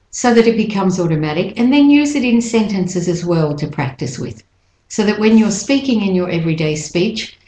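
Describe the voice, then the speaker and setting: Brief: woman, pronunciation teacher, unhurried delivery, repeats words syllable by syllable, echoey room. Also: medium pitch, a little mellow. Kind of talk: slow, deliberate pronunciation lesson.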